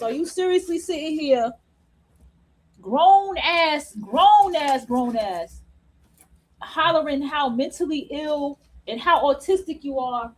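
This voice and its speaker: A woman's voice: high-pitched, slight background noise, poor audio. A woman hosting an unscripted opinion monologue, blunt and profane. She laughs at her own points and repeats phrases for emphasis. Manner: repeats phrases for emphasis, drawing words out slowly. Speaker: host.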